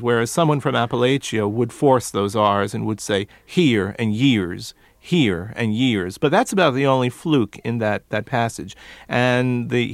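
A man, a dialect coach interviewed as a guest, who demonstrates accents by repeating words in a measured way. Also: medium pitch, no echo, studio quality.

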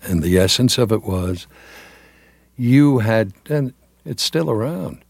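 A man's voice: medium pitch, lively intonation, slow, gravelly, breathy edge, dry recording. An older man, a veteran television announcer, reminiscing in an interview with many fillers and restarts.

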